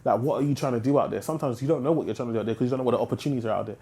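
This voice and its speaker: British man, podcast guest, rapid slangy delivery, warm low tone. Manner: animated, slangy, emphatic. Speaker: interviewee, investor. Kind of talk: casual podcast conversation.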